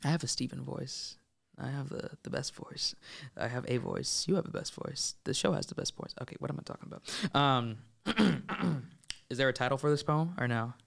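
A man's voice: medium pitch, lively intonation, gravelly, a bit bright. Joking, teasing young male podcast host. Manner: joking, teasing, repeats himself rapidly. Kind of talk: casual playful interview chat.

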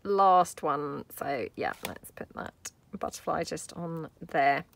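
A British woman hosts a crafting tutorial, chatting casually and thinking aloud with soft asides as she works at her craft table. Her voice is low, slow and creaky.

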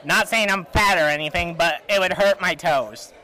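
A man's voice: high-pitched, moderate pace, sharp tone, a little hiss or hum, rough recording. A teenage boy in a casual goofy chat outdoors, answering questions in a mumbly way while eating.

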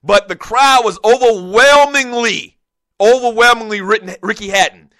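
Here the sports show host speaks at a normal speed, his voice forward and fairly high for a man. He rambles through long, lively anecdotes packed with asides, and the audio is dry and close-miked.

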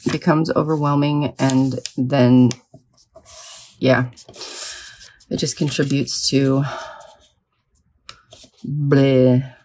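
A woman's voice: extremely low pitch, steady tone, slow, long pauses, darkish tone. A middle-aged woman in a sleepy early-morning mood, rambling chattily and self-deprecatingly while she crafts. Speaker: vlogger.

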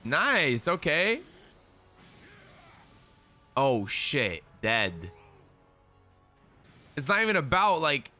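A young man streaming a live anime reaction, excitable and slangy, swearing often as he comments. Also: on the high side, drawn-out words, long pauses, soft background music.

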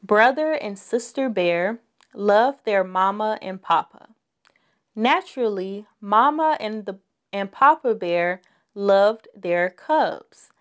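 A woman's voice: mid-range voice, lively intonation, slow, a bit bright. A woman reading a picture book aloud to young children, stopping to ask them questions. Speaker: children's storyteller.

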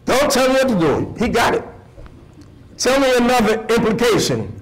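An imam giving an animated sermon-style lecture to a live audience, repeating phrases for emphasis and putting questions to the listeners. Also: male voice, very high-pitched, normal speed, rough recording. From United States.

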